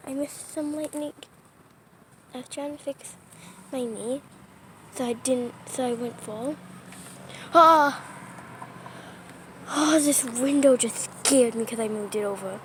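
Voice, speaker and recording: Young woman vlogger, slow and high-voiced, chatty and apologetic, filmed on a phone by a window, faint ambience. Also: darkish tone, slight background noise. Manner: chatty, apologetic, often dropping to a whisper. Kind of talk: casual vlog narration. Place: indoors by a window during a storm. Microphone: phone or tablet camera.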